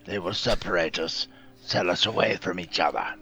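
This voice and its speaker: A man voicing a grave, low-voiced captive father. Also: moderate pace, bright, forceful tone, soft background music. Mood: urgent.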